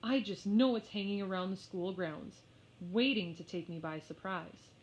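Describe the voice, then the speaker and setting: A woman's voice: medium pitch, normal speed, natural voice. A woman voicing an exasperated young schoolgirl who daydreams and keeps losing her temper. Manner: whiny, frustrated outbursts. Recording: slightly muffled lo-fi.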